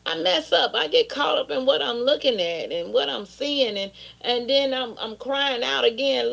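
A woman's voice: fairly high pitch, moderate pace, vocal fry, hardly any pauses, a bit bright. A woman pastor preaching an impassioned sermon, often turning into pleading prayer.

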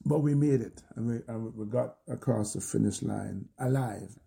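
An older man with a Jamaican accent telling his own story in an interview, animated and acting out his shouts. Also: mid-range voice, normal speed, gravelly. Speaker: interview guest.

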